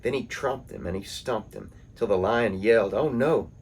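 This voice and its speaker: A man reading poems and folktales aloud in a calm, measured storytelling manner. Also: lowish voice, slight background noise. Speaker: poetry reader.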